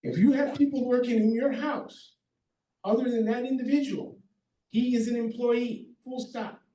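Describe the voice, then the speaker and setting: A man's voice: very high voice, steady tone, normal speed, mellow. A middle-aged man, a contractor, giving practical advice to a seminar audience in an emphatic way, laying out numbered points and often checking in with "okay?". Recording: roomy hall, mic far off.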